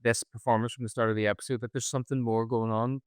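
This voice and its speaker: A man's voice: medium pitch, little pitch movement, fast, clear, resonant tone, no room sound. A man co-hosting a podcast, recapping an episode in casual chat with sarcastic jokes. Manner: sarcastic, jokey recapping, puts on silly voices. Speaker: podcast co-host. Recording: no studio mic, recorded together in a room.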